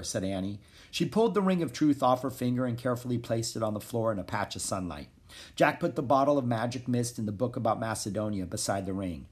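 A man with a husky, slightly breathy voice narrates a children's chapter book. His reading is expressive, with pitch that rises and falls freely across each sentence. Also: moderate pace. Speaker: audiobook narrator. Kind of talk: storybook read-aloud.

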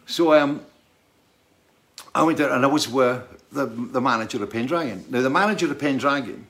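A man tells a rambling backstage story at an ordinary pitch. He keeps tagging his sentences with "right?" and breaks into laughter as he goes. His voice sits in a middle register. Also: moderate pace, fairly bright tone. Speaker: touring musician telling a story. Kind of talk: casual anecdote telling.

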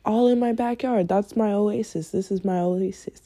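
Woman, mellow warm voice, casual motivational talk, earnest, repeats herself, laughs a lot. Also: mid-range voice, normal speed. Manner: earnest, repeats phrases for emphasis, laughs often. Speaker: vlogger.

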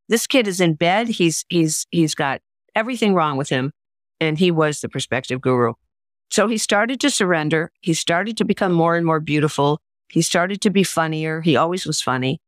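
A woman's voice: on the low side, moderate pace, dry recording, clean studio sound. Earnest older woman telling stories. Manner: earnest, emphatic, acts out quoted voices. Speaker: memoir author and writing teacher. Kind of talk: interview storytelling.

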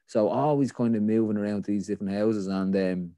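A man with a Dublin Irish accent and a lowish voice tells his own story candidly as a podcast guest. He rambles, leaning on "like, you know" fillers. The sound is dry and close, with no room around it. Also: steady tone, fairly quick, dark tone, no room sound. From Ireland.

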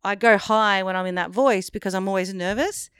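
A woman's voice: mid-range voice, a little fast, clean tone, no echo, clean studio sound. A woman co-hosting a casual film review podcast, speaking bluntly and animatedly. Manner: blunt, animated, swears freely. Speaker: podcast co-host.

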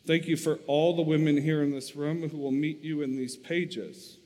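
A man's voice: on the high side, fairly even intonation, moderate pace, dark tone, pitched above the performer's own voice, lightly acted. A man reading as an earnest young woman. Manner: reading quoted lines aloud, earnest. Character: devout young Dutch woman, fervent. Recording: long reverb.

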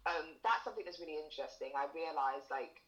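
A young woman, a guest, speaks candidly in a casual conversation, acting out the lines of the people she talks about as she tells her stories. Her voice is low, fast and fairly bright, and the recording's highs are cut off.

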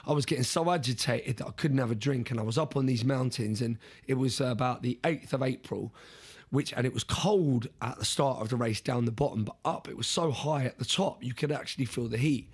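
Husky man telling a race story. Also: medium pitch, brisk. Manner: animated, repeats words and restarts, mimics others in the story. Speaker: interview guest. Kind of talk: casual storytelling in an interview.

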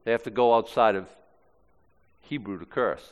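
A man's voice: lowish voice, normal speed, clean tone. A man preaching a sermon, acting out quoted lines in shifting voices. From Maine, US. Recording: long hall reverb.

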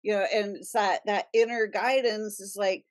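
A woman's voice: mid-range voice, steady tone, normal speed. A woman hosting a spiritual talk show, speaking animatedly and acting out the inner voices she describes. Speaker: podcast host. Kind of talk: casual spiritual conversation.

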